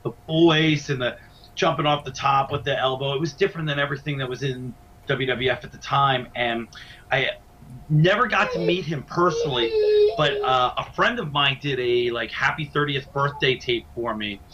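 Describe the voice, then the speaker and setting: A middle-aged man with a bright, forceful voice, talking eagerly and stumbling over repeated words. He is heard over a video call from a small den at home. The sound is dull and lo-fi, with faint background hiss. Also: medium pitch, normal speed. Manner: stammering restarts, enthusiastic. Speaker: wrestling broadcaster, guest. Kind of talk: casual interview chat.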